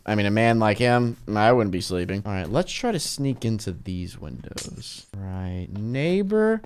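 Young male gaming host, wildly animated, whispers then shrieks while sneaking around. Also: a little hiss or hum. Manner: excitable, jumps from hushed mutters to high-pitched panicked yelps; talks to viewers while sneaking. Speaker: gaming YouTuber. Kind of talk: Minecraft let's play commentary.

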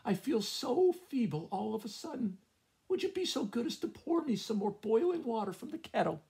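Shrill, croaky old hen. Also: male voice, big pitch swings, moderate pace, warm tone, exaggerated voice. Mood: feebly pleading. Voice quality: high and croaky, trilling. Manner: sugary, fussy. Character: scheming old hen feigning sickness.

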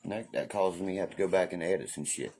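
A man's voice: low voice, quick pace, darkish tone, a little hiss or hum. A man hosting a casual livestream rant, profane, defiant and preachy, who keeps asking "you know what I mean". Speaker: livestream host.

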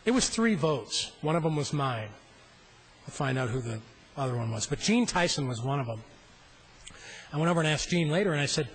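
A man's voice: on the high side, animated, fairly quick, long pauses, breathy edge, rough recording. A middle-aged man, a state senator, giving a floor speech in a legislative chamber at a floor microphone, telling a rambling, self-deprecating story.

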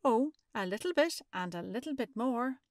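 A woman's voice: on the high side, moderate pace, dry recording, studio quality, lightly acted. A woman reading aloud, voicing an eager, cheerful young boy from a storybook. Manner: bright, eager, excited.

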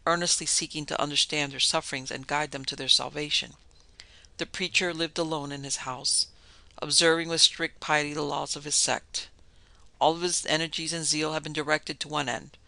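Man narrating horror tales, gravelly texture, flat even delivery, dry close sound. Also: a little high, dry recording. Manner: measured, dramatic storytelling. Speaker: podcast narrator. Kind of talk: scripted horror story narration.

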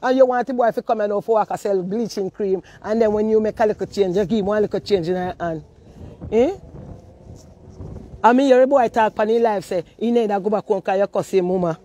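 A woman with a Jamaican accent ranting in heavy patois, scolding and animated. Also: mid-range voice, a little fast, muffled recording. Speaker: social media personality. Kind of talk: ranting monologue.

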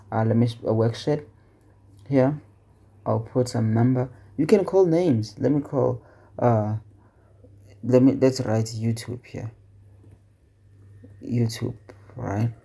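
An Excel tutor walks through formulas in a casual screen-recorded tutorial, his voice low, gravelly and husky. He's unhurried, with long pauses, thinking aloud with fillers and self-corrections and conversationally asking questions he then answers himself.

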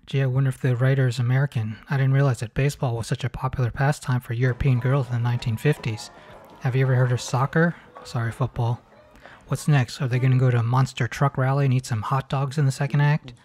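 A man's voice: medium pitch, level tone, quick pace, darkish tone. Sarcastic man mocking a movie. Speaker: host. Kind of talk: comedic movie commentary.

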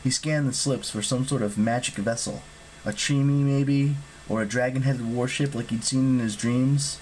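Guy narrating an audiobook, even mid voice, steady read, slight background hiss. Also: medium pitch, moderate pace, rough recording. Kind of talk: scripted narration.

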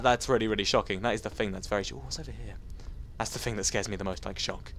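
Excitable jumpy man narrating gameplay. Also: on the low side, fast. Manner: jumpy, excitable, talks to enemies. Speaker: gameplay commentator. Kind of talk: casual let's-play commentary.

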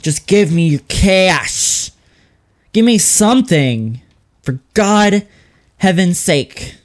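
Goofy male gamer yelling at NPCs. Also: high-pitched, lively intonation, slow pace. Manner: playful, over-the-top, yelling at characters. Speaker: gaming YouTuber. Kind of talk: comedic let's-play commentary.

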